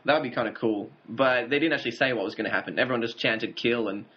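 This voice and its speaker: A man's voice: mid-range voice, fast talker, bright, forceful tone. A man co-hosting a casual TV review chat, recapping the plot and chuckling now and then. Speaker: podcast co-host. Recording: dull lo-fi audio.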